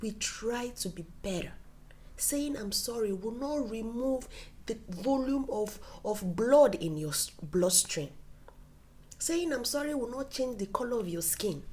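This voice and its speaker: Animated woman giving warm-hearted relationship advice. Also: a little high, takes it slowly. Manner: animated, dips into soft whispers for emphasis; acts out quoted dialogue in playful voices. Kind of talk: casual advice talk to camera.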